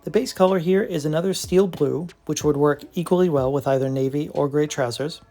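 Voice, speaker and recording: Brand presenter for scripted product narration: gravelly texture at a mid pitch, openly enthusiastic, faint music underneath. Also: brisk, mellow. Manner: enthusiastic, admiring.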